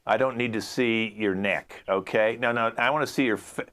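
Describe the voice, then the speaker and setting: A man's voice: on the low side, steady tone, normal speed, fairly bright tone. A man hosting an improv game as a brusque, dismissive casting director, over a video call. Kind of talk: improvised comedy scene.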